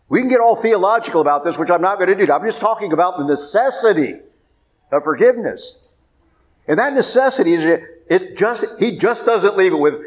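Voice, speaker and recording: A man's voice: on the high side, expressive, moderate pace. A man preaching a sermon as a priest, emphatic and repeating his points. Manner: emphatic, repeats points, rises sharply when pressing.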